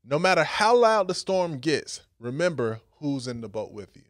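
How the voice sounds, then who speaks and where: A man's voice: a little high, moderate pace, no room sound, clean studio sound. A young adult man preaching a casual, conversational sermon to a young adult ministry. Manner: animated, conversational, with casual fillers.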